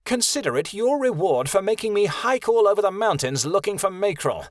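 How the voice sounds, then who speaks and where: A man's voice: high-pitched, big pitch swings, brisk, dry recording, studio quality, voice pushed up. A man voicing a cruel, callous man who speaks in a cold, dismissive way.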